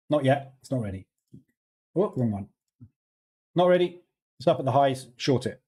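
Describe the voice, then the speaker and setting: A man's voice: medium pitch, expressive, normal speed, pauses often, warm tone, slightly rough. A man hosting a live trading stream, chatting casually with viewers, greeting them by name and laughing easily, on a studio microphone.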